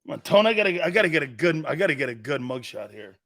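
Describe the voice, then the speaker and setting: A man's voice: on the high side, very animated, fast, a bit bright. A man hosting a sports talk show, telling stories in a boisterous, casual way, laughing often and swearing freely. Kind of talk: casual chat and storytelling.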